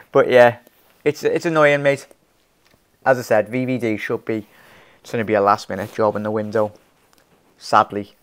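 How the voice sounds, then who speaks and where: A man's voice: fairly low pitch, fairly even intonation, measured pace, long pauses, clear, resonant tone. Rambling young male fan streamer. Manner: rambling, laughs often, many restarts, calls viewers fella and mate. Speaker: fan channel host. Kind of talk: casual live-stream chat reading viewer comments.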